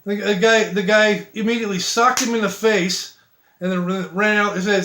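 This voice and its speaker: High-voiced man telling rambling jokes. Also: steady tone, pushed and bright, reverberant. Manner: halting, many restarts and fillers, self-deprecating. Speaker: amateur joke teller.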